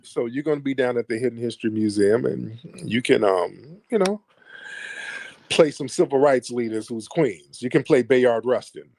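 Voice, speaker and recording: A man's voice: mid-range voice, moderate pace, creaky, a little mellow, no room sound. A man hosting a combative livestream call-in, taunting and mocking his callers. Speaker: livestream host.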